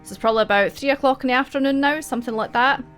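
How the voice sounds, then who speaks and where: A woman's voice: high voice, racing, fairly bright tone, soft background music. A young Scottish woman narrating as game master, rambling and laughing often.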